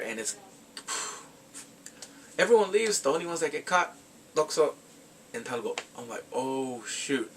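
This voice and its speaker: A man casually retelling a film's plot as a movie reviewer, animated, laughing often and acting out quotes in squeaky voices. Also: far from the mic, slight background noise.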